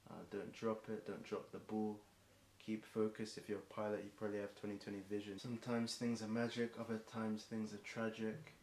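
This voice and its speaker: Fairly quickly, a young English streamer rhymes on the spot for a marathon song, his low voice staying monotone. He's rambling and stumbling, with restarts and many ums, and his voice sounds worn and hoarse. There's echo in the room and a faint hiss behind him.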